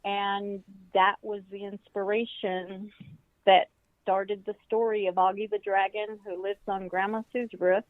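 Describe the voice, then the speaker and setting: A woman's voice: medium pitch, level tone, a little slow, no room sound. An older woman, an author and professor, telling a story as an interview guest and acting out the quoted voices. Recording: tinny phone-like line.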